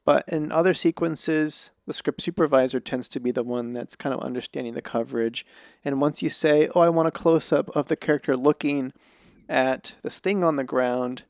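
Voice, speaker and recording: A man's voice: a little high, normal speed, dry recording, clean studio sound. A man hosting a podcast, a script supervisor explaining his craft in casual conversation, thoughtful and at length.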